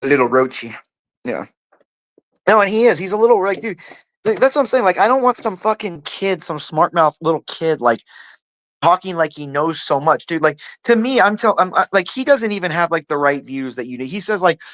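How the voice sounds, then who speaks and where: A man's voice: a little high, expressive, a little fast, fairly bright tone, no echo. A man ranting in heated casual talk, profane and rambling, who keeps saying "like" and "dude" and stumbles over restarts when he gets worked up. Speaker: panel host. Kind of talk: heated casual political rant.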